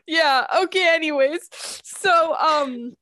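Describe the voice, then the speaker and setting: A woman's voice: sits high, takes it slowly, sharp tone. A young woman co-hosting a casual movie review, fumbling and correcting herself as she recaps. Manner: fumbling, self-correcting, laughs at her own slips. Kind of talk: casual chat.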